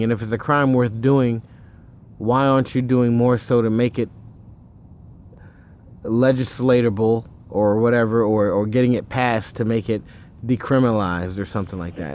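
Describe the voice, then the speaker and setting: A man's voice: on the low side, darkish tone, a little hiss or hum. A man telling a personal story in a casual monologue, rambling and digressive, with frequent asides and the odd curse. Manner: offhand, with occasional swearing.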